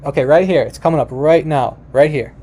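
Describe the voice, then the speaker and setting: A man's voice: on the high side, mellow, slight background noise. A man presenting a lesson in a casual way, restarting his sentences often and talking straight to viewers. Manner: many fillers and restarts, addresses viewers as you guys; repeats words slowly for the listener. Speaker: presenter teaching about Aramaic. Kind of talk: casual explanatory talk to viewers.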